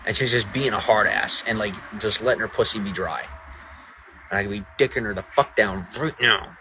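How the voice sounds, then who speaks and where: A man's voice: on the low side, brisk, pushed and bright, a little hiss or hum, low-quality recording. A man live-streaming outdoors at night in the rain, ranting in a profane and sarcastic way to his chat. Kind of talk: late-night livestream rant.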